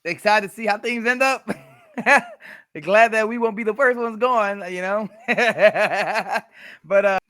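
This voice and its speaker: Man, podcast co-host, laid-back, blunt, slightly high voice, dry close mic. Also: normal speed, pushed and bright, clean tone, dry recording. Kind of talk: casual podcast chat.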